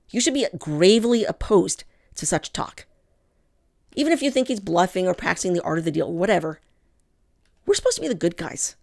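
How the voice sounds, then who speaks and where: A woman hosting a political commentary show, talking straight to her listeners with strong feeling and heavy emphasis. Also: medium pitch. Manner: impassioned, emphatic, addresses listeners as "people". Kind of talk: commentary monologue to camera.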